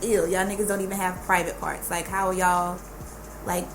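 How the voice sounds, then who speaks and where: A woman's voice: on the low side, little pitch movement, normal speed. A woman from Dallas with a Southern accent, a podcast guest who talks bluntly and emphatically and swears freely. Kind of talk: casual podcast chat. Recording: noisy studio room.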